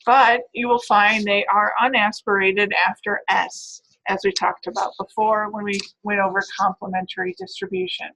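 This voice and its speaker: A woman's voice: medium pitch, moderate pace, gravelly, few pauses, pushed and bright, rough recording. A woman giving a recorded phonetics lecture, explaining step by step and checking in with "right?" and "all right.".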